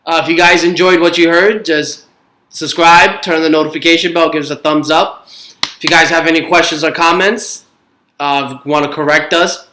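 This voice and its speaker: A man with a Brooklyn accent co-hosting a casual podcast, sounding tired and low-key. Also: steady tone, normal speed, bright, forceful tone. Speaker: podcast co-host. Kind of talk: casual chat. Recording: echoey room.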